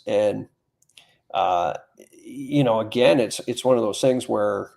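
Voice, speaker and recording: A man's voice: fairly low pitch, slow pace, creaky, a little mellow. A middle-aged man, a firearms instructor chatting as a podcast guest in a plain-spoken, anecdotal way. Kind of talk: casual podcast conversation.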